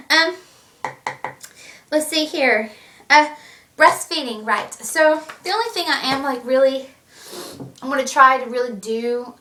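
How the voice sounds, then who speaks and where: A woman's voice: fairly high pitch, sharp tone. A young pregnant woman chatting animatedly in a casual vlog, laughing often. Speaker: vlogger. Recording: echoey room, mic at a distance.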